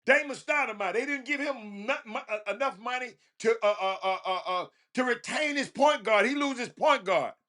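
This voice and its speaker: A man hosts a loose talk show monologue over the phone, his voice sitting noticeably high. He speaks with a drawl and lectures his listeners. He keeps stammering and restarting his lines as he goes. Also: normal speed, few pauses, sharp tone. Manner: preachy, repeats himself, stammering restarts. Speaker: show host. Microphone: phone call.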